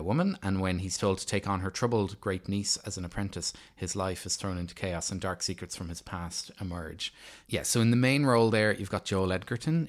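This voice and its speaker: A man in his thirties talks films on a casual podcast with a lowish voice. He rambles and restarts often, tossing in fillers as he goes. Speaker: podcast co-host. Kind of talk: casual film review chat.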